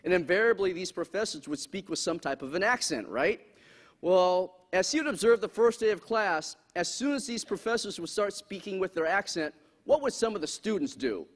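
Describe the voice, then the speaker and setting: A man's voice: sits high, moderate pace. A man giving a humorous public talk in a lecture hall, asking the audience questions as he goes. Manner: lively, asks the audience questions. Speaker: speaker. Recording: echoey hall, faint background noise.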